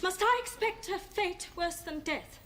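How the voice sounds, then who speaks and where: A woman's voice: very high voice, a little slow, fairly bright tone, a little hiss or hum. A prim, fluttery office lady. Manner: fluttery, genteel, nervous. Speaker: prison office worker held hostage. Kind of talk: 1970s TV sitcom acting.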